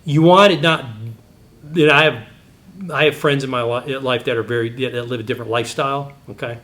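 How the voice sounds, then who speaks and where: Animated middle-aged man telling stories. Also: a little fast. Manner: animated, digressive storytelling with sudden pitch jumps. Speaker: Christian apologetics teacher. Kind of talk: teaching talk with personal stories.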